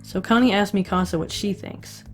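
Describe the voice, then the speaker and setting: A woman's voice: medium pitch, steady tone, normal speed, soft background music. Chatty woman recapping an episode. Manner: chatty, conversational, wry asides. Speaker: recap host.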